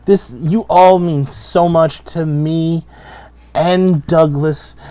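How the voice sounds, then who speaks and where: A man's voice: a little high, steady tone, slow pace, mellow, clean tone, dry recording, pitched above the performer's own voice. Man playing a stern, intimidating matriarch. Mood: gracious. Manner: scolding. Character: stern intimidating older mother.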